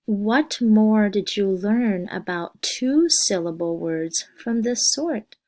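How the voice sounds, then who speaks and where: Slow, deliberate woman teaching phonics. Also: mid-range voice, expressive, mellow. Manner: slow and deliberate, reading word lists aloud with pauses. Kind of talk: slow, scripted phonics lesson.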